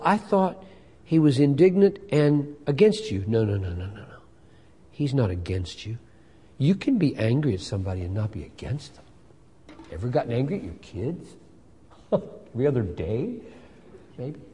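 Slow-talking pastor guy, mellow voice, preaching hard, big hall echo. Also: medium pitch, very animated, slightly rough. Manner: emphatic, building to loud fervent peaks. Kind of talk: sermon. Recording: long hall reverb.

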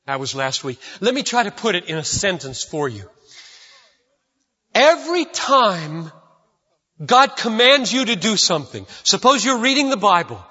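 A man's voice: high-pitched, very animated, normal speed, pushed and bright, slightly rough. A man preaching a sermon in a church sanctuary, emphatic and repeating key lines for stress. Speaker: pastor. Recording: dull lo-fi recording with long hall reverb.

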